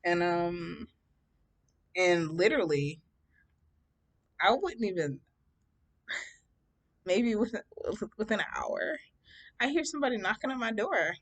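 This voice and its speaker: A woman's voice: medium pitch, animated, unhurried, long pauses. A woman telling a personal story in a casual vlog, sassy and laughing often.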